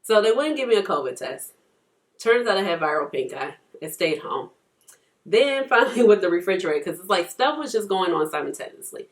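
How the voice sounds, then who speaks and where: A woman's voice: mid-range voice, sing-song, brisk. A woman in her thirties chatting and rambling through stories while doing her makeup at home for a beauty vlog. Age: 30s. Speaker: beauty vlogger.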